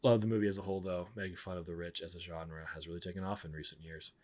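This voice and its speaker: A man's voice: sits low, steady tone, rapid-fire. A man streaming and chatting casually, rambling and blunt, often cutting himself off mid-sentence. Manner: blunt, rambling, self-interrupting. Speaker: streamer reviewing films. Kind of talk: casual chat.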